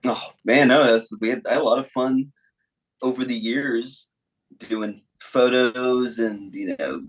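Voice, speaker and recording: A man's voice: mid-range voice, unhurried. A man appearing as a guest on a comedy podcast in casual chat. He rambles, hesitates and jokes at his own expense. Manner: rambling, hesitant, self-deprecating.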